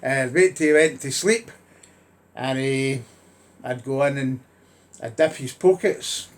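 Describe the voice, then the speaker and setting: A man's voice: medium pitch, takes it slowly. A man telling sweary comic stories to his own camera at home, acting out the voices of the people in them. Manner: storytelling, sweary, acts out voices in quotes. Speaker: comedian. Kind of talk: stand-up monologue to camera.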